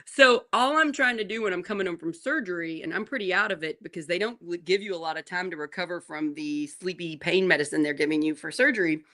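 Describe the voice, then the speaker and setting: A woman in her forties, co-hosting a morning show, telling a family story in a lively way and laughing often. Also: lowish voice, brisk. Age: 40s. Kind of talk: casual chat.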